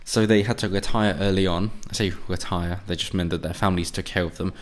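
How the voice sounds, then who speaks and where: A man's voice: low voice, fairly even intonation, quick pace. A man delivering a sarcastic, profanity-laced political rant as a commentator. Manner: sarcastic, profane, mocks opponents in put-on voices. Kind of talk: ranting monologue.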